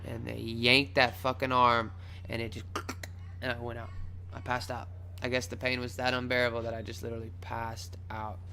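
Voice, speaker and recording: A young man casually telling a wild personal story on his vlog, swearing freely, rambling, and acting out his own shouts. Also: medium pitch, completely flat delivery, moderate pace, gravelly, a little hiss or hum. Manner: loose and profane, acts out his own shouts.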